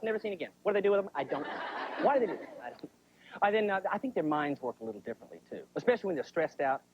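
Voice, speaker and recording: A male comedian working the crowd in a stand-up routine, with a lively, bouncing pitch. He keeps checking in with his listeners. The sound is muffled, like a 1980s TV broadcast. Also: background noise. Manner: chatty, keeps asking the crowd "right?".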